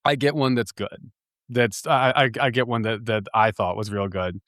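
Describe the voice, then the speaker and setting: A man hosting a podcast, telling a story in a chatty, animated way, laughing often and restarting his sentences. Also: medium pitch, moderate pace, no echo, studio quality. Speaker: podcast host. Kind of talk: casual storytelling monologue.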